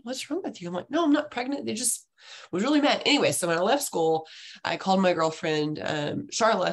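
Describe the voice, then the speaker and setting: Flu-stricken woman, chatty storyteller. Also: sits low. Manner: chatty storyteller, laughs often. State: sick with flu. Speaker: hormone coach. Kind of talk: casual class chat.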